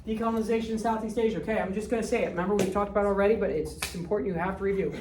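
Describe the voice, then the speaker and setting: A woman's voice: medium pitch, fairly even intonation, darkish tone, slight background noise. A woman, giving a blunt, quizzing history lecture to a classroom. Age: 60s. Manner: blunt, quizzing students with rapid questions. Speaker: history teacher. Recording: echoey room, distant mic.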